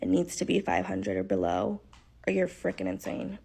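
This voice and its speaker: A woman's voice: on the low side, very animated, normal speed, creaky, a little mellow, slight background noise. A woman speaking frankly and with exasperation about spending, in an opinionated social media monologue.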